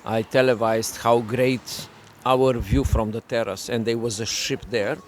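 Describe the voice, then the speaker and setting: A man's voice: medium pitch, steady tone, measured pace, slight background noise. A man co-hosting a casual chat on a cafe terrace, joking and rambling. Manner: joking, rambling, switches into mock voices. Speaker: vlog co-host.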